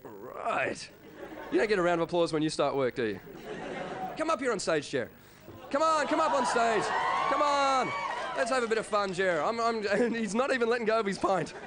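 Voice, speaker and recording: A man with an Australian accent doing an energetic stand-up routine, working the crowd and shouting impressions. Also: sits high, quick pace. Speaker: stand-up comedian. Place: comedy club stage. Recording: live comedy club with crowd and noise.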